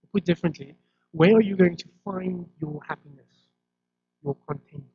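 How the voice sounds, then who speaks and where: A man's voice: high voice, normal speed, vocal fry. A man preaching a sermon in a conversational way, often restarting and repeating words. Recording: dull lo-fi recording.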